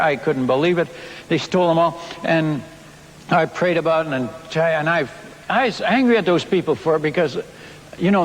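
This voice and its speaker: A high-voiced man preaching as a missionary, telling a folksy story with animated restarts. His voice rings out with a long reverb, as if in a large hall. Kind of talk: storytelling sermon.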